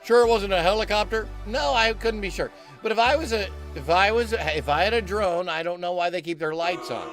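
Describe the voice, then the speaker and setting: A man hosting a live late-night comedy show, rambling and stumbling, telling the crowd to hush. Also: high-pitched, a little fast, hardly any pauses, soft background music. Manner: rambling, stumbling, scolds the audience.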